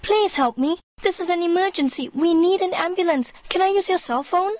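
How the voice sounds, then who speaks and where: Man voicing teenage girl, high, urgent, pleading, audiobook story. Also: measured pace, a bit bright, no room sound, clean studio sound. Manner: falsetto, pleading. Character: teenage girls, pleading and upset.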